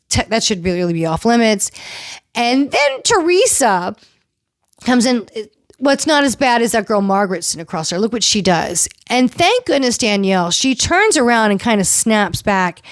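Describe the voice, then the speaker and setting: A woman hosting a casual recap show, chatty and animated, acting out quotes from the people she talks about. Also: medium pitch, dry recording, clean studio sound. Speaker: podcast host recapping reality TV.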